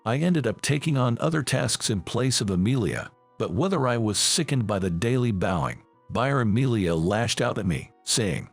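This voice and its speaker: With soft music faintly in the background, a male narrator delivers a scripted first-person tale in a measured but animated way. His mid-range voice is gravelly, and its pitch moves expressively up and down.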